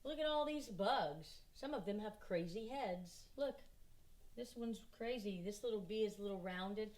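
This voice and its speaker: A woman's voice: mid-range voice, a little mellow. Southern lady art teacher, walking little kids through drawing a bug, patient and encouraging. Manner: patient, encouraging, speaks slowly to small children. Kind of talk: kindergarten drawing lesson.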